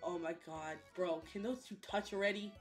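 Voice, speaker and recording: A young woman streaming a game, chatting loosely with her chat, swearing and breaking into loud outbursts and chanted sound effects. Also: on the low side, steady tone, moderate pace. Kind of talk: casual gameplay commentary to chat. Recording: faint music behind the voice.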